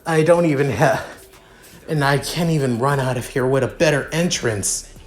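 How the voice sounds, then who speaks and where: A man voicing a cool, blunt young prince who talks in a dry, matter-of-fact, rushed way. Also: mid-range voice, lightly acted.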